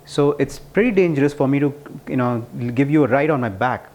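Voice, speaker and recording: A man's voice: medium pitch, animated, a little fast, a little mellow, close to an everyday voice. A man voicing a cautious male frog in a spoken parable, hesitant and thinking aloud.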